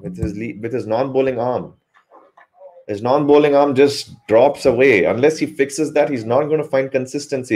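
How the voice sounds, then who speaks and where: A man's voice: medium pitch, darkish tone. A man giving a live cricket commentary hangout, rambling with joking asides and correcting himself mid-sentence.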